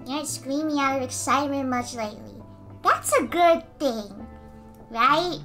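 High, bright, giggly young woman streamer. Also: measured pace, faint music behind. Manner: giggly, bursts into excited squeals; responds to chat messages. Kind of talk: casual livestream chat while drawing.

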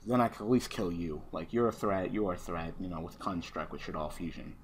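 Low-voiced man ranting over a card game. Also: brisk, a little hiss or hum. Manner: swears constantly, swings from muttering to ranting. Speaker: gaming channel host. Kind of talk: casual card game commentary.

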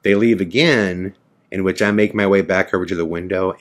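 A man hosting a podcast, telling a story from his own life in an animated way and acting out the voices of the people in it. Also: sits low, moderate pace. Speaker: podcast host. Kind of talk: personal storytelling. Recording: podcast audio.

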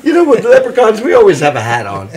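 A man's voice: sits high, wildly swooping pitch, fast talker, heavily acted. An improv comedian playing a broke male Irish leprechaun gambler in a put-on Irish accent, with jokey, pleading patter. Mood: joking. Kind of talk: improv sketch.

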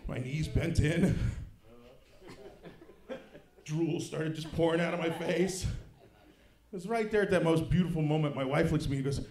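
Male stand-up comic, animated storyteller, higher voice, echoey club mic. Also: normal speed, pauses often. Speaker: stand-up comedian. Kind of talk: stand-up routine.

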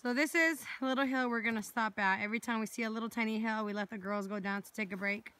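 A woman's voice: a little high, steady tone, fast talker, a bit bright, a little hiss or hum. A young woman filming a family vlog outdoors in the snow, chatting and laughing often as she jokes about her own complaining. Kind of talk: casual vlog chat. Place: outdoors on a snowy mountain.

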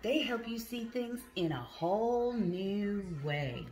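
Woman voices a cheerful picture-book toad, slow delivery. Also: mid-range voice, sing-song, darkish tone, roomy sound. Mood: pleased. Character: toad usually grumpy, now cheerful.

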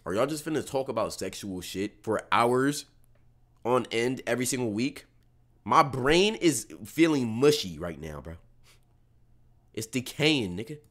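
A man's voice: mid-range voice, lively intonation, a little slow, fairly bright tone. A man chatting casually and bluntly, heavy with slang, reacting alongside a host. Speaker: co-commentator. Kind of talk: casual chat.

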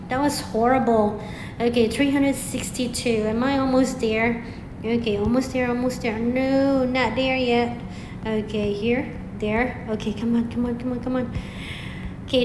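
Excitable woman narrating her gameplay. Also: on the high side, noisy background. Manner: chatty, excitable, talks to herself and viewers. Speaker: gameplay streamer. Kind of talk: live gameplay commentary. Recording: echoey room with long reverb.

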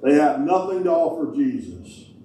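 Male pastor, folksy joking sermon delivery, mellow tone, heard from a distance in a big echoing sanctuary. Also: on the high side, lively intonation, normal speed, a little hiss or hum. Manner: folksy, joking preacher with Southern-style grammar. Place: large church sanctuary. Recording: echoey hall, distant mic.

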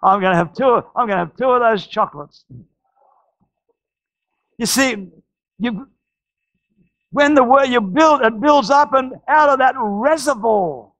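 A man preaches a sermon with a very high voice for a man. He tells stories in a loose, halting way, full of restarts, then shouts out the key words. The sound is close and dry, with no room behind it. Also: no room sound. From Australia. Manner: storytelling with shouted climaxes and frequent restarts. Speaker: pastor.

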